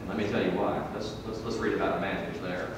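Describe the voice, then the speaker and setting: A man preaching a sermon in a church, swinging from loud emphatic peaks to low, quiet drops. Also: steady tone, quick pace, noisy background. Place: church hall. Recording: echoey hall from far off.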